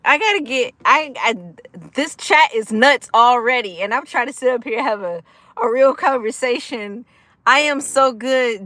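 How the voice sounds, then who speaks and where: A woman hosting a casual livestream, energetic and giggly, laughing often while she chats with viewers and answers their comments. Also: a little high, no room sound. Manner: chatty, with frequent fillers like "like" and "y'all". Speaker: livestream host of a gambling recovery channel.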